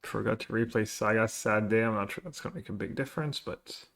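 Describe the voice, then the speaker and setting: A man's voice: lowish voice, fairly quick, gravelly, fairly bright tone. A man casually commenting on his own card game, muttering and thinking aloud as he plays. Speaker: streamer playing a card game.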